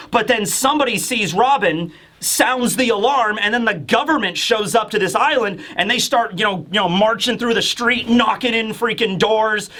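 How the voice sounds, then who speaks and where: A man's voice: high voice, bright, forceful tone. A man hosting a casual chat, talking animatedly and loosely with mild swearing. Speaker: host, manga reviewer.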